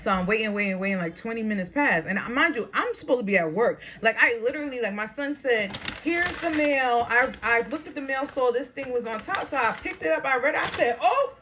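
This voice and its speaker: A woman telling a story on her vlog in a fast, animated, profane rant, laughing between lines. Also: fairly high pitch, a little hiss or hum. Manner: talking fast.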